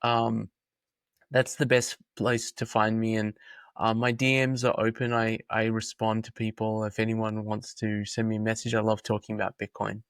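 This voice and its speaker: A man with an Australian accent, a podcast guest chatting in an upbeat, lively way. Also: fairly low pitch, moderate pace, no echo. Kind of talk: casual chat.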